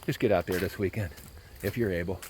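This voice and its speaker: Man, hunting vlog host, low voice, loose rambling delivery that repeats lines, recorded outdoors in the woods with faint noise behind. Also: darkish tone. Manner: rambling, repeats phrases, many "uh" pauses. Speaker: deer hunting channel host. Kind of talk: casual outdoor vlog talk.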